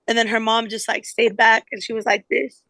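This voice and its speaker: A young woman co-host tells a story in a lively, casual way and swears freely. Her voice sits a little high. The sound is close and dry, with no room echo. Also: brisk. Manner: animated storytelling, swears often. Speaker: podcast co-host. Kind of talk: casual chat.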